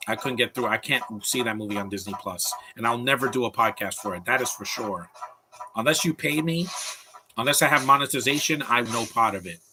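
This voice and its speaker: A man's voice: mid-range voice, fairly quick, background noise. A man giving live commentary over a film, opinionated and rambling, often restarting his sentences as he rants.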